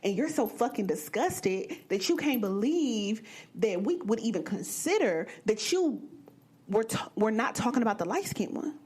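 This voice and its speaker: A young woman from the American Midwest hosting a podcast, telling a personal story in a blunt, profane and animated way. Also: on the high side, moderate pace, slightly rough. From Midwestern United States. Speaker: podcast host. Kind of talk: candid storytelling monologue.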